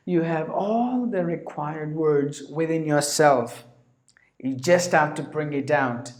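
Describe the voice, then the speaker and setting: A man gives a lesson in a slow, unhurried way and lays out single words one at a time. His voice sits a little high, and he keeps clearing his throat. The room around him echoes. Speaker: English teacher. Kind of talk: spoken English lesson.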